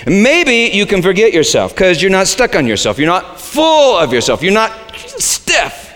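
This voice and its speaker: A man preaching a sermon as the pastor, shifting between quiet low asides and sudden high, shouted lines. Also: big pitch swings, normal speed, in a large hall.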